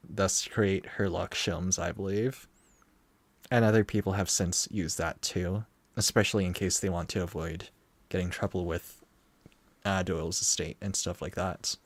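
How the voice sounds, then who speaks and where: A man streaming a game, chatting casually and musing in a relaxed way. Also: low voice, dry recording. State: tired, head throbbing. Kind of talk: casual gameplay commentary.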